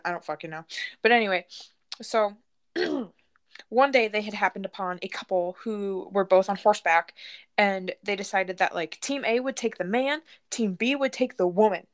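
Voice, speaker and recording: Co-hosting a relaxed podcast, a woman recounts a creepy true story at a moderate pace and medium pitch. She laughs a lot, swears, and jokes her way through this casual true-crime chat.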